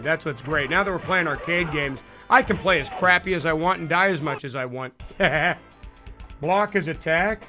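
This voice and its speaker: A male game streamer talking casually to his viewers in a loose, rambling way, full of jokes at his own expense. His voice sits a bit high for a man and has a bright, forward edge. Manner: rambling, self-deprecating, jokey, chatting to viewers. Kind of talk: casual live-stream chat while playing.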